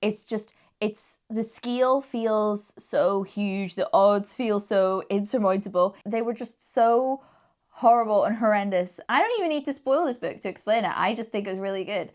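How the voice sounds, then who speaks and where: Young woman, book reviewer, casual chat, gushing, frequent giggles, mid-pitched voice. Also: moderate pace, a little mellow. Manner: enthusiastic, giggles often between sentences.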